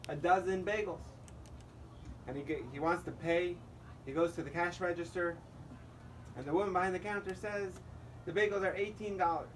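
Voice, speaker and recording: A man's voice: sits high, far from the mic, a little hiss or hum, poor audio. A male rabbi giving a holiday sermon, telling a joke as a story and acting out the dialogue. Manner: storytelling, quoting characters in dialogue.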